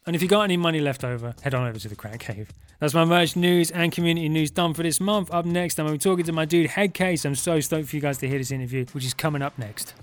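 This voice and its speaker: A man's voice: a little high, fast, few pauses. A British man hosting a podcast, chatting enthusiastically and casually with his guest. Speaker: podcast host. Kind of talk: casual interview chat.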